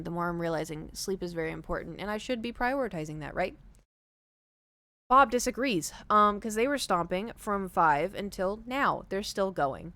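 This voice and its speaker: A woman streamer chatting casually to her viewers from home, telling a story in an animated way and acting out the quoted lines. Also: mid-range voice. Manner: animated, acts out quoted dialogue. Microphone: streaming desk mic.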